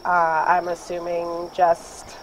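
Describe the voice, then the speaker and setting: A game master narrating a tabletop game slowly and hesitantly, with plenty of fillers. A faint background noise sits under the voice. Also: medium pitch, completely flat delivery, rough recording.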